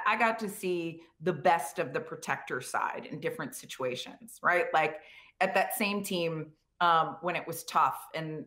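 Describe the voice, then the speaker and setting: A woman who coached pro football, answering an interview question in casual, animated storytelling with lots of fillers and quoted voices. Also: fairly low pitch. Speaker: guest speaker, former pro football coach.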